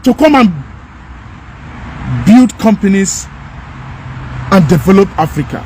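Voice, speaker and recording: High-pitched man ranting. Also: animated, slow, darkish tone, slight background noise. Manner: emphatic, repetitive, scolding. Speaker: commentator. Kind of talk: impassioned rant.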